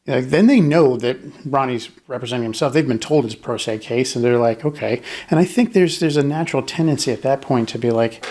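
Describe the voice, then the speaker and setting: A man with a gravelly, fry-edged voice talks through a criminal case in casual conversation. He is animated and jumps into quick mock voices to act out the jurors. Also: medium pitch. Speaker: podcast co-host. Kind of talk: casual true-crime discussion.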